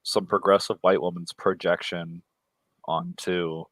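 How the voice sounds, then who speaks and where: Blunt, profane male co-host, very low voice, dry close sound. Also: flat delivery, measured pace, fairly bright tone, no room sound. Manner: blunt, profane, mocking voices when quoting. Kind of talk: casual livestream chat.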